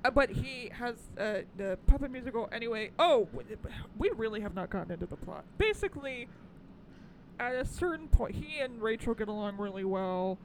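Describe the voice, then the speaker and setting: A woman's voice: fairly high pitch, moderate pace, slight background noise, low-quality recording. A woman co-hosting a casual podcast chat, talking animatedly, cursing freely and laughing often. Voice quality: tall. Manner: animated, swings to loud squealing bits. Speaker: podcast co-host. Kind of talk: casual chat reviewing a movie.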